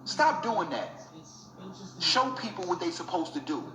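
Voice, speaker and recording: A young man speaks with raw emotion, hammering the same points again and again like a street preacher. His voice sits high for a man. The room around him rings with echo. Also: sing-song, measured pace, sharp tone. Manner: emotional, preachy, repeats himself. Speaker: vlogger. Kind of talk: impassioned talk to camera. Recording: echoey room.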